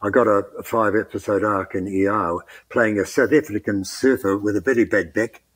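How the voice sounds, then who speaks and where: A man with a New Zealand accent, a guest actor in a casual interview, who talks with dry self-mocking humour and halting restarts. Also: fairly low pitch, fairly even intonation, a bit bright.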